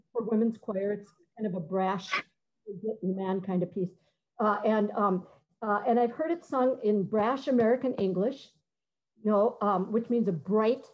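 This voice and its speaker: A middle-aged woman composer giving a conversational talk, halting and searching for words, sometimes singing short phrases to demonstrate. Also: medium pitch, a little mellow, rough recording. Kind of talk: conversational talk with many fillers and restarts.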